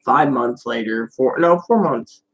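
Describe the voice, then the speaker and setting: A man's voice: medium pitch, a little slow, rough recording. A man talking casually to camera in a personal vlog, rambling and profane, with many fillers. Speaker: vlogger.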